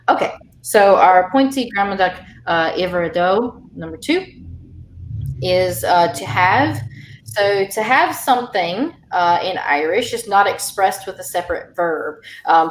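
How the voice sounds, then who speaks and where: A woman's voice: on the low side, echoey room, slight background noise. A woman teaching an online language lesson over a video call, explaining patiently with many fillers.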